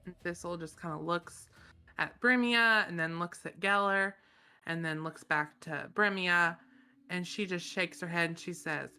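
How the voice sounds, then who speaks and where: A woman's voice: fairly low pitch, a little slow, sharp tone, clean tone, soft background music. A woman playing a tabletop game, loosely describing her character's actions. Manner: loose, rambling narration. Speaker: player.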